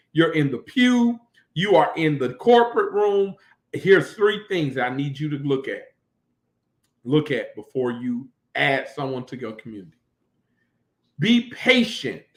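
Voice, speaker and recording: A man preaching a sermon as pastor, building emphasis with repeated phrases. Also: fairly high pitch. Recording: echoey room.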